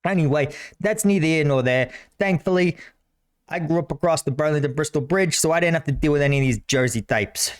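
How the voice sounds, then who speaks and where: A man's voice: on the high side, a little fast. A man from Pennsylvania hosting a reaction video, joking and rambling in casual commentary.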